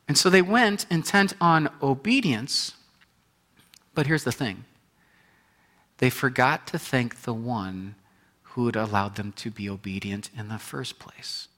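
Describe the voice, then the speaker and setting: Unhurried and a little high-pitched, a male pastor narrates his sermon with animated, acted-out quotes, swinging from loud and bright passages to hushed, quiet ones.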